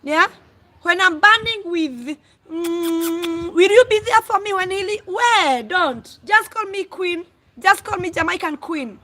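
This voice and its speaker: A Kenyan woman hosting a casual live stream, talking loudly and exclaiming as she answers her viewers. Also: extremely high pitch, expressive, measured pace, rough recording. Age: adult, mother of school-age children. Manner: loud, exclaiming, calls herself a screamer.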